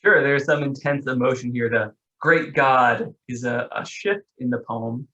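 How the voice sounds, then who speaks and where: A man teaching a literature class over a video call, talking with many pauses and restarts and asking the students questions. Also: medium pitch, steady tone, a bit bright, roomy sound, lo-fi sound. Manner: hesitant, restarts often, asks questions. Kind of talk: online class discussion.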